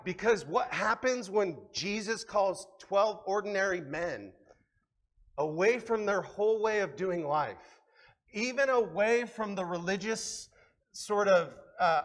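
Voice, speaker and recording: A man's voice: sits high, expressive, a little slow. A man preaching a sermon as pastor, conversational and earnest, rising to emphatic peaks.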